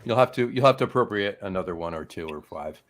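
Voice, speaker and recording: A man's voice: deep voice, lively intonation, fast talker, a bit bright. A man with a New Jersey accent hosting a casual chat show, telling stories with plenty of ums and uhs. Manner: rambling storyteller, lots of ums and uhs. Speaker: host.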